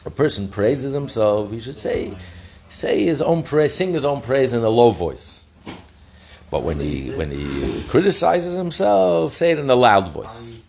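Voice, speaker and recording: A man's voice: medium pitch, expressive, a little slow, creaky, darkish tone. A middle-aged man teaching a daily Talmud page lesson, reading each phrase and explaining it in plain words, often correcting himself as he goes.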